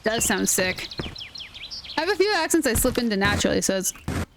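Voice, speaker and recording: A woman's voice: fairly high pitch, sing-song, brisk. A young woman streaming a game, chatting casually with viewers in a rambling, playful way. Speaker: gaming streamer. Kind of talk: casual live-stream chat while playing. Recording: loud background noise.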